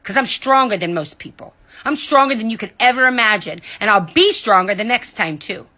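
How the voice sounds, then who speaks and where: A woman delivering a heated, indignant monologue, cussing and swinging between loud outbursts and low muttering, recorded at home in bed. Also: expressive, brisk. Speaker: vlogger. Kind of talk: angry ranting monologue.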